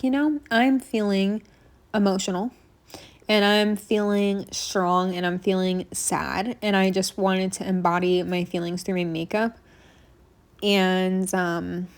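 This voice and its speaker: Young woman, casual tutorial voice-over, chatty and rambling with fillers, a bit breathless. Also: fairly low pitch. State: slightly out of breath. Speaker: makeup vlogger. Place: home apartment room.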